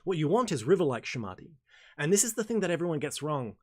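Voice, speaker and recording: A man's voice: a little high, big pitch swings, fast, darkish tone. A man hosting a casual Q&A livestream. He talks in a rambling, self-correcting way, swears now and then, and laughs at his own asides. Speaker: host.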